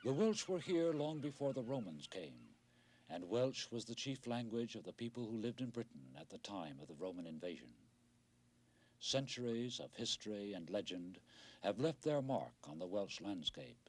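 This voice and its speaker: A man's voice: on the low side, sing-song, normal speed, a little mellow. Wry man narrating a news report. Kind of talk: scripted documentary narration.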